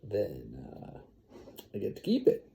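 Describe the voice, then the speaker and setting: A man's voice: low-pitched, huge pitch swings, takes it slowly, vocal fry, warm tone, pitched below the performer's own voice, full character voice. A man voicing a hapless, sheepish King Arthur in a bedtime story.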